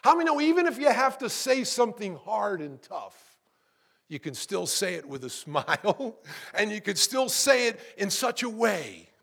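Gravelly, husky-voiced preacher man. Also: high voice, very animated, moderate pace, a bit bright. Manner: call-and-response preaching, rising to emphatic peaks. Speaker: pastor. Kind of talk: sermon. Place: church.

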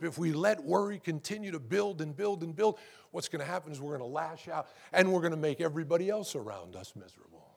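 A man delivers a sermon as pastor, his voice pitched high and gravelly. There is a husky roughness to his tone. He tosses asides to the congregation and builds to fervent emphasis. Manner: preacher's call-outs and asides to the congregation, rising to fervent emphasis.

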